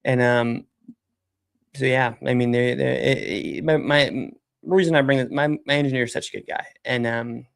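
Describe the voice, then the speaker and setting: Gravelly-voiced man rambling on a livestream. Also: medium pitch, steady tone, moderate pace, a bit bright. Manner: rambling, heavy on fillers and casual swearing. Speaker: software company founder and livestream host. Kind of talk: casual livestream chat while working. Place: at a computer desk, typing during a livestream.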